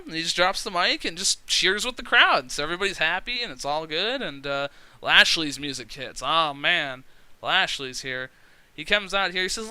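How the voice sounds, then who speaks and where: A chatty man rambling through commentary on a sim game, his voice bright and crisp and a touch high. The sound is dry and close with no room. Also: animated, moderate pace, dry recording. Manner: chatty, rambling, frequent fillers. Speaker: let's play commentator.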